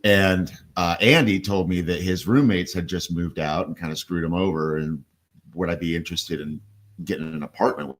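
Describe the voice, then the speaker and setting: A man's voice: low voice, moderate pace. A man guest on a radio show, casually telling rambling stories about recording music and swearing offhandedly. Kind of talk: casual radio studio chat.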